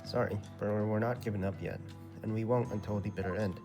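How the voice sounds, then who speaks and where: A determined male defense lawyer from a video game, read by a man in his everyday voice. The tone is low and plain, with game music clearly playing underneath. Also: a little fast, lightly acted. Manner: reads game text in a flat voice.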